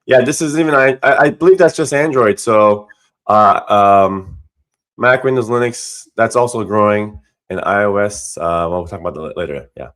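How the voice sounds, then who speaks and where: A man's voice: on the low side, lively intonation, moderate pace, fairly bright tone. A man co-hosting a weekly community call, easygoing and agreeable, chatting casually with lots of yeps and fillers. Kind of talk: casual promotional chat.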